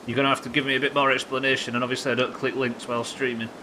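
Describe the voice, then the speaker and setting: A man from Yorkshire, England, streams a game to his viewers, chatting casually and swearing freely in a medium-pitched, flat voice. He talks at a racing pace over background noise.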